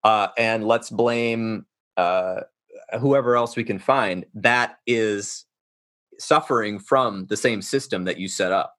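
A man's voice: fairly low pitch, slow pace, fairly bright tone. A man hosting a podcast, talking passionately and rambling, often restarting his sentences. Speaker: podcast host. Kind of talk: casual interview chat.

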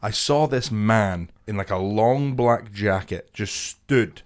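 A man's voice: on the low side, slow. A young man co-hosting a podcast, telling a story with lots of laughter and acted-out voices. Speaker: podcast co-host. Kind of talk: casual chat.

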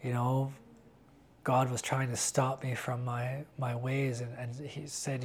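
A man giving a candid interview about his faith, talking earnestly and haltingly with frequent restarts. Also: mid-range voice, flat delivery, slight background noise. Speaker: interviewee sharing a personal faith testimony.

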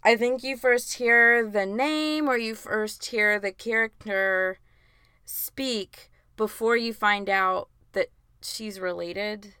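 A woman's voice: medium pitch, slow, sharp tone, clear, resonant tone, no echo, clean studio sound. A young adult woman co-hosting a podcast, chatting casually with lots of "like" fillers and frequent laughs. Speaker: podcast co-host. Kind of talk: casual chat.

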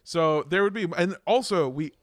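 A man's voice: on the high side, normal speed, no echo, studio quality. A young man chatting casually on a podcast, telling rambling anecdotes, laughing often and swearing casually. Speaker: podcast guest. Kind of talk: casual chat.

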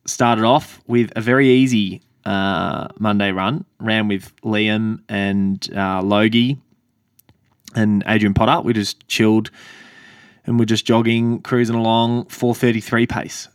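A man's voice: fairly low pitch, little pitch movement, unhurried, clear, resonant tone, no room sound, studio quality. A man hosting a casual podcast, joking and teasing his co-host. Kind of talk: casual chat.

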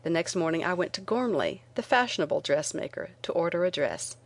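A woman reading a first-person memoir aloud in a measured, earnest way. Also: on the low side. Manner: measured, earnest reading with lively quoted lines. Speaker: narrator. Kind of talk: audiobook narration of a memoir.

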